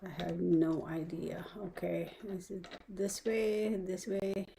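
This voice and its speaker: A woman's voice: fairly low pitch, flat delivery, takes it slowly, creaky, warm tone, slight background noise, poor audio. A woman hosting a casual live stream from home on a phone, chatty and muttering to herself as she sets things up. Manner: chatty, mutters to herself while fiddling with setup. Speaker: livestream host.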